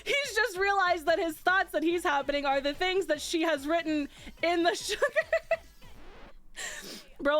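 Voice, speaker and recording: Bubbly, foul-mouthed woman streamer, high and swooping. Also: measured pace, faint music behind. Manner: animated, swears freely, laughs often. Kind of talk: casual chat, retelling a book.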